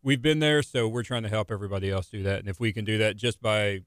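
Low-voiced young man chatting casually. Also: fast, fairly bright tone, clear, resonant tone, no room sound. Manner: rambling, restarts sentences often. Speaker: small business owner and stay-at-home dad. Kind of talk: casual chat.

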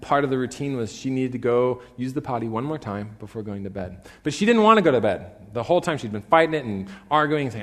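A male pastor preaching a sermon in a church, telling stories with animated emphasis. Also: mid-range voice, a little fast, few pauses. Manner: animated storytelling, rising to emphatic peaks. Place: church sanctuary. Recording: long reverb in a church hall.

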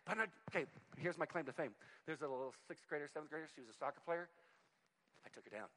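A man in his forties preaching a sermon, telling personal stories in an animated, conversational way with self-deprecating humor. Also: fairly high pitch, fast, background noise. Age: 40s. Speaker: pastor.

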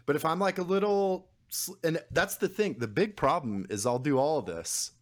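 A young man co-hosting a podcast chats casually at normal speed in a slightly high voice. He rambles, swears freely and laughs a lot.

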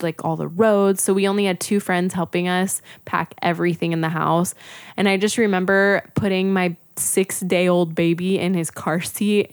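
A woman's voice: on the low side, smooth, no room sound, clean studio sound. A young woman on a podcast, animatedly telling a personal story, acting out her own thoughts and saying "like" a lot. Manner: says "like" often, laughs between lines. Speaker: podcast guest. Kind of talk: casual chat.

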